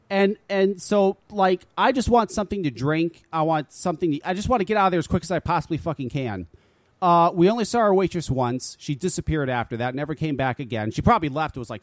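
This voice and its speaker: A man's voice: a little high, animated, brisk, no echo. A man hosting a talk radio show, ranting casually and swearing freely in an exasperated way.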